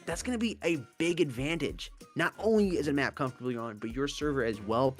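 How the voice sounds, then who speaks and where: A man co-casting a mobile esports tournament, breaking down strategy in an animated, analytical way. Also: mid-range voice, brisk, faint music behind. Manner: animated, analytical, stresses key words. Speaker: esports co-caster.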